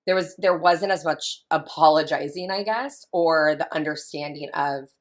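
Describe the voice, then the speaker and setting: A woman's voice: deep voice, moderate pace. A woman in her thirties, a family consultant, talking in a chatty, emphatic way and repeating her key points as a guest in an interview. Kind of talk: casual interview talk.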